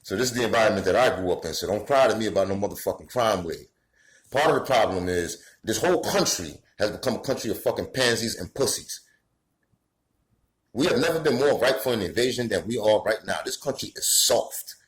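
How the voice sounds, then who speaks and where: A Bronx commentator with a New York accent rants at the camera, swearing and getting heated until he shouts. His voice sits on the low side with lively intonation and a fairly quick pace. The audio is poor, with a roomy sound.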